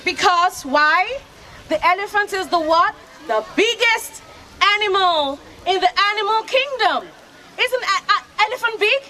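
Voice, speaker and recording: High, lively woman storyteller from Nigeria. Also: unhurried, rough recording. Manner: lively, call-and-response, coaxing children to join in. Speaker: storyteller and radio host. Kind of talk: interactive storytelling for children. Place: outdoor festival kids' area. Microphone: handheld microphone. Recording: outdoor crowd noise in background.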